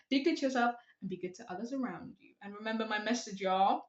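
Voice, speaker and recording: A woman's voice: mid-range voice, fast talker, few pauses, roomy sound, highs cut off. A young woman talking to her camera in a casual, rambling, self-deprecating way, giving advice. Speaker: vlogger.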